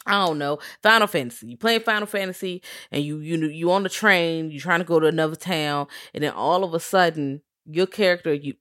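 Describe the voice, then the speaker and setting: A lively woman co-host, talking through a film in loose, profane chat and breaking into voiced quotes. Her voice sits fairly low for a woman. The sound is dry and close, with no room around it. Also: brisk, hardly any pauses, no room sound. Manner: animated, profane, acts out quotes in shrieks. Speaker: podcast co-host. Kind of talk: casual film discussion.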